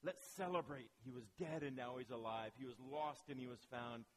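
A man's voice: mid-range voice, normal speed, pitched below the performer's own voice, close to an everyday voice. A man preaching voices a tender older father who pleads with his son. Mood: joyful.

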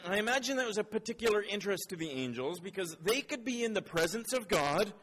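A man's voice: high voice, fairly bright tone. A man preaching a sermon. He playfully quizzes the congregation, then turns earnest and reflective. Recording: long hall reverb.

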